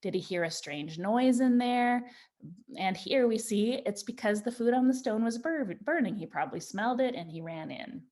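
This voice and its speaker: A woman teaching a writing lesson to young children, speaking slowly and encouragingly and drawing out her example sentences. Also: a little high, animated, a little mellow. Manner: slow, patient and encouraging, stretching out example sentences. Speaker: Montessori teacher.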